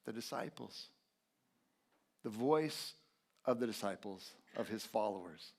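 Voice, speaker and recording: Animated preaching man. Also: lowish voice, measured pace, gravelly. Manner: animated storytelling, swings from hushed to loud. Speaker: pastor. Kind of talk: sermon. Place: church sanctuary.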